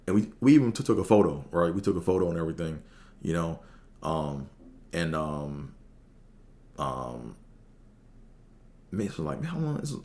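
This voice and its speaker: A man's voice: low-pitched, very animated, moderate pace, pauses often, darkish tone. A man hosting a podcast, telling casual stories in a rambling way with lots of fillers, acting out quotes in a raised voice. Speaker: podcast host. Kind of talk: casual storytelling monologue.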